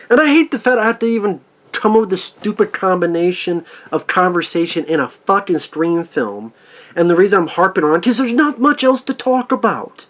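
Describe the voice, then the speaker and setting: A man ranting angrily and sarcastically in a profane movie review. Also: high voice.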